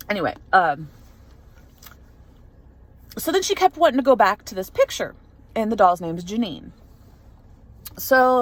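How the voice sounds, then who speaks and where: A young adult woman telling a story in a casual vlog, rambling with lots of fillers and restarts. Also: mid-range voice. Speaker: vlogger.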